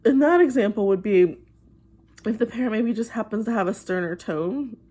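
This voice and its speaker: Woman, therapist, mid-pitched voice, gentle and patient, talking to camera for kids. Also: breathy edge. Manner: gentle and patient, acts out parents' voices in quick asides. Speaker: behavioral therapist.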